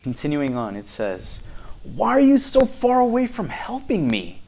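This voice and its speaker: A man reads scripture aloud at a slow, unhurried pace. His pitch rises and falls widely as he stresses each verse with feeling. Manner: reads verses deliberately with expressive emphasis. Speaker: scripture reader.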